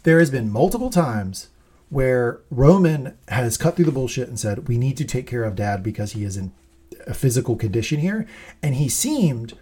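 Man, podcast co-host, husky voice, lively swings in pitch, casual TV recap. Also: normal speed. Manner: animated, swearing, acts out quoted lines.

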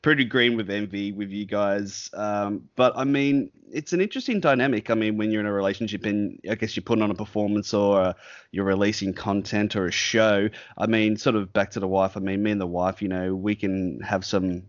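Male podcast host, hesitant and filler-heavy, lowish voice, dry lo-fi sound. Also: brisk, dry recording. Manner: hesitant, many fillers and restarts. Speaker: podcast host interviewing a guest. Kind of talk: casual podcast interview.

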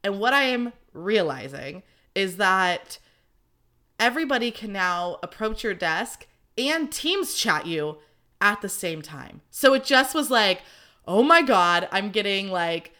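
Young woman rambling on her podcast, bright voice, super casual, cusses. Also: mid-range voice, animated, measured pace. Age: young adult. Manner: chatty, rambling, swears freely. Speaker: podcast host. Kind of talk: casual solo chat.

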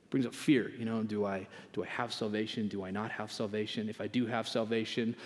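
A man's voice: fairly low pitch, flat delivery, a little fast. A young man preaching a sermon in a conversational, self-deprecating storytelling manner. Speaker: pastor. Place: church hall. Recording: long reverb of a large hall.

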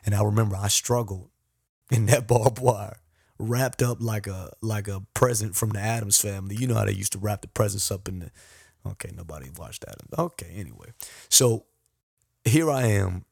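A man with a low, gravelly, husky voice tells a personal story as a motivational podcast host. He talks in an animated, repetitive way, often laughing at himself. The recording is dry and close with no room echo. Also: normal speed. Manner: animated, repetitive, self-deprecating.

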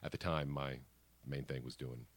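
Very deep-voiced man telling stories. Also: normal speed. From American. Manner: animated storyteller, acts out quotes, swears casually. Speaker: guest, poster artist and co-founder. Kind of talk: casual storytelling interview. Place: studio.

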